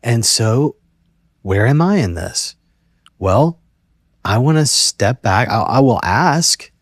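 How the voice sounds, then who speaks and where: A man hosting a counseling conversation, speaking gently and reflectively and thinking aloud by rephrasing his points. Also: mid-range voice, animated, takes it slowly, dry recording, clean studio sound. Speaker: host, therapist.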